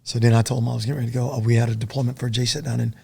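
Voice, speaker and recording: A middle-aged man and former soldier, a podcast guest telling stories in a casual, profane, animated way. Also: mid-range voice, very fast, vocal fry, husky. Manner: profane, animated storytelling full of dude and man.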